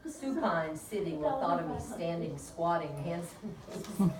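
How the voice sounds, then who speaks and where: Speaking a little slowly in an animated, lowish voice, this woman is a midwife casually recounting a birth to her peers during a review, breaking into laughter throughout. It sounds like a distant recording in a noisy, reverberant room.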